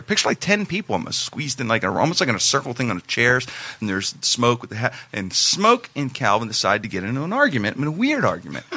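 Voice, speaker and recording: A man tells a long story in casual chat, rambling and cutting himself off mid-sentence. His voice is bright and swings widely in pitch. The recording is dry and close. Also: vocal fry, dry recording. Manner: animated, rambling, self-interrupting.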